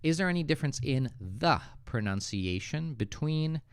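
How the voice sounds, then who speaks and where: A man from the Northeastern United States with an American accent, relaxed and joking as he reads viewers' comments aloud and corrects them on a live English lesson, speaking into a good microphone. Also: a little high, normal speed, clean tone, no room sound, clean studio sound. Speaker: English teacher hosting a livestream. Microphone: good studio microphone.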